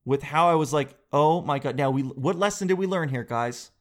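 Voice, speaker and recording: A man in his thirties hosting a podcast, telling a comic story in a loose, animated way and calling his listeners dude and guys. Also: on the high side, brisk. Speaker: podcast host. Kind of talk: casual comedic monologue.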